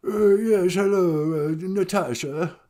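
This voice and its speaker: A man's voice: high voice, dark tone. A man doing a mopey posh prince. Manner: hesitant, stammering, mournful, slow. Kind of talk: comedy sketch impression.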